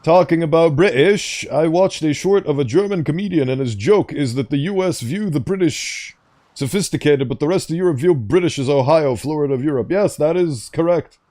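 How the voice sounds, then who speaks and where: Mellow-voiced man rambling over gameplay. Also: on the high side, a little fast. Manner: rambling, easily sidetracked, reads on-screen text aloud. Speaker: gaming streamer. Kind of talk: casual gameplay commentary.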